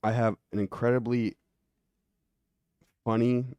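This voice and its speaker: A male podcast host from the East Coast, chatting casually and throwing in quick, jokey interjections. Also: medium pitch, level tone, darkish tone, dry recording. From East Coast, USA.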